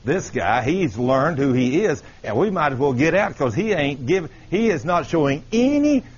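A man voicing a grumbling male demon who gives up on a bold exorcist, in a low, drawn-out way, on a dull lo-fi recording. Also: big pitch swings, husky. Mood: grudging.

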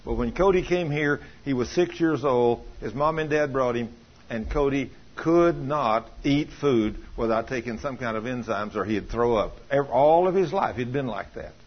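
A man's voice: medium pitch, expressive, normal speed, husky, lo-fi sound. A middle-aged man preaching a fiery sermon, folksy and emphatic, acting out the voices in his stories. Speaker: pastor.

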